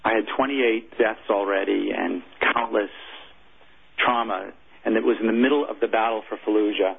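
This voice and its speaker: A former military chaplain, a man, telling a personal story in an interview, earnest and halting. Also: on the low side, fairly even intonation, vocal fry, breathy edge. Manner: earnest, halting, emotional recounting. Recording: tinny phone-like audio.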